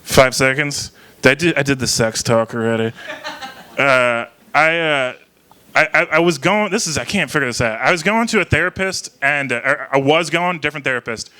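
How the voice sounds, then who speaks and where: A young man from Ohio doing an open mic stand-up set, rambling and halting, laughing at his own jokes. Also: mid-range voice, sharp tone, smooth. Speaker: stand-up comedian. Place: small bar venue with live crowd.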